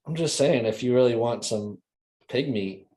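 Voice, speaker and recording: A man's voice: mid-range voice, moderate pace, dark tone. A man co-hosting a casual podcast, giving short replies and laughing easily. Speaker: podcast co-host.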